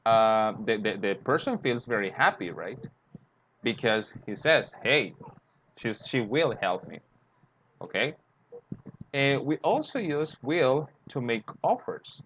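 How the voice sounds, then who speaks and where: A man's voice: medium pitch, a bit bright. A man teaching English grammar, explaining step by step and acting out short example dialogues. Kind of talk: grammar lesson. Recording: dull lo-fi sound, faint noise.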